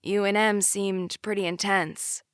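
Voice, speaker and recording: A woman's voice: medium pitch, flat delivery, unhurried, smooth, no echo, clean studio sound, lightly acted. A woman reading the lines of a protective young man, an easygoing older brother who turns firm about his sister, in an audiobook. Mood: earnest. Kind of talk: audiobook character voice.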